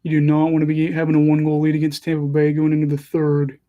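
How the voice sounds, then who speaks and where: A man's voice: on the high side, monotone, fast talker, narrow, tinny audio. A young man hosting a casual livestream, calling hockey play as he watches and chatting between moments in a self-deprecating way. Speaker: livestream host and hockey commentator.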